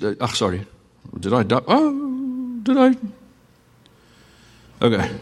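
A middle-aged man with a South African accent preaching a sermon as pastor, with dramatic pauses and sudden shifts between loud and hushed delivery. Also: a little high, husky. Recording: long reverb of a hall.

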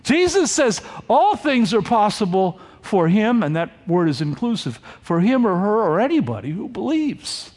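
A high-pitched man preaches at a moderate pace with hardly any pauses, heard with long hall reverb. He teaches verse by verse in his sermon, animatedly acting out the quoted lines.

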